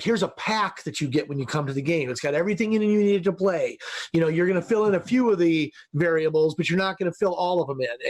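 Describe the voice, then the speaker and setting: A man hosting a casual podcast chat, chiming in with quick affirmations and easygoing remarks. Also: a little high. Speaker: podcast host.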